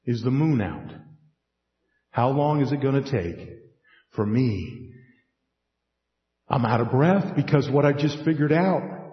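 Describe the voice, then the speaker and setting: A man preaching a sermon in an animated way, acting out scripture scenes with folksy asides. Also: medium pitch, takes it slowly, long pauses. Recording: echoey hall, dull lo-fi sound.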